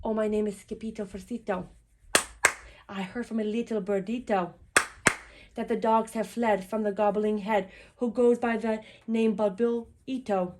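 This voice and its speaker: A woman voicing a mischievous boy kitten who thinks he is a chihuahua, boasting loudly in a playful put-on Spanish accent. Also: a little high, moderate pace, heavy background noise, lightly acted. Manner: boastful, bouncy, loud.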